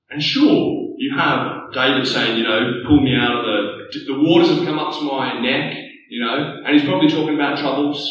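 A man's voice: medium pitch, fairly bright tone, dull audio, a little hiss or hum. A man preaching a sermon, earnest and building to rhetorical questions. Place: church hall. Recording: echoey distant church room mic.

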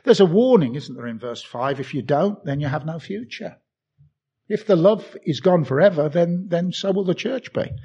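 A man's voice: fairly high pitch, expressive, normal speed, warm tone, slightly rough, muffled recording. An older man from England with a Birmingham accent, preaching a sermon with emphatic repetition and self-deprecating asides.

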